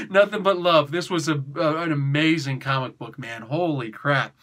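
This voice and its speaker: Male comic reviewer, high-pitched and bright, excitable, slangy, laughing throughout. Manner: excitable, laughing, slangy, does quick voices. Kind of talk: animated comic review rant.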